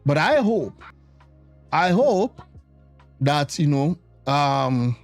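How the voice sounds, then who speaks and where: A man's voice: on the high side, sing-song, dry recording, soft background music. A man giving casual political commentary, thinking aloud with many restarts and fillers. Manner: musing, halting, with many restarts.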